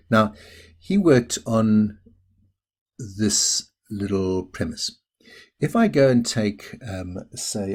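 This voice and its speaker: A man's voice: sits low, breathy edge. A middle-aged man teaching a recorded maths lesson in a chatty, self-deprecating way, explaining each step as he goes.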